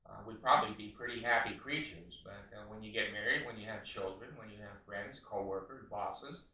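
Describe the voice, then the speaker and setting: A man's voice: fairly low pitch, a little fast, a crowd in the background. A man in his late seventies, a counselor giving blunt spiritual advice with profanity and many fillers. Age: 70s. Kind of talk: spiritual self-help monologue. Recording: echoey room, far from mic.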